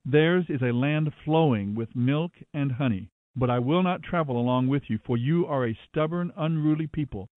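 A man's voice: on the high side, moderate pace, hardly any pauses, no echo, close to an everyday voice. A man reading the stern, commanding words of God in a scripture reading, with a dry, phone-like sound. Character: God, a stern angry divine male voice.

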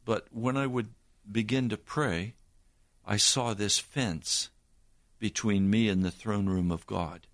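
An older man, a preacher, giving an earnest personal testimony in a slow storytelling manner. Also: lowish voice, fairly even intonation, no echo, studio quality.

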